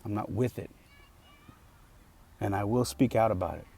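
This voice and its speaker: In a fairly low, creaky, dark voice at a moderate pace, an American podcast host delivers an outspoken, impassioned monologue by himself.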